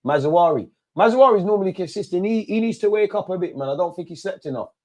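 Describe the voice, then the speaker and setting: Rowdy young man yelling at the match. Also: high-pitched, fast talker. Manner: animated, shouts at players and referee; slangy banter. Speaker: football watch-along host. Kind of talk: live match watch-along commentary.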